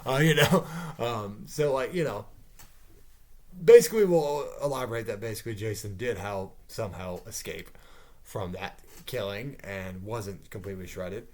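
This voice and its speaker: A man with a low-pitched voice talks to his camera in a loose, off-the-cuff way. He rambles through his idea with plenty of asides and the odd swear word. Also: normal speed, mellow, a little hiss or hum. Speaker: YouTuber pitching a movie idea. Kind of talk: casual off-the-cuff monologue.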